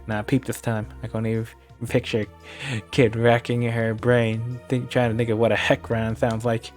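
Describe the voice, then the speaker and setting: A man's voice: mid-range voice, completely flat delivery, moderate pace, soft background music. Man reading a game aloud on stream. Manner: reads narration with casual asides and stumbles.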